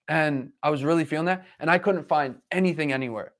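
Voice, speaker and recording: A man telling stories in a casual conversation, talking fast and animated, rambling from one thought to the next. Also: fairly high pitch.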